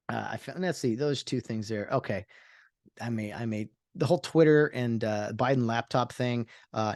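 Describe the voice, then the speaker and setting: A man's voice: medium pitch, dry recording, clean studio sound. A man hosting a solo podcast, rambling in casual talk with lots of fillers and sarcastic asides. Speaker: podcast host.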